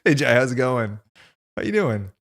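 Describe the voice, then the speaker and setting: A man's voice: medium pitch, sing-song, normal speed, fairly bright tone. A man co-hosting a card game livestream, joking and chatting casually as he reads out viewer messages. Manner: joking, chatty, reading out chat. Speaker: livestream co-host. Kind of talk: casual gaming stream banter. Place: live card game stream, home setup.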